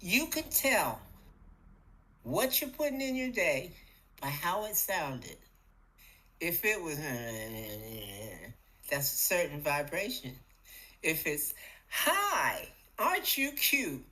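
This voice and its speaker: Animated woman with a lowish voice. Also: takes it slowly, long pauses, poor audio. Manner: animated, playful, acts out little voices. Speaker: podcast co-host. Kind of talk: casual spiritual talk.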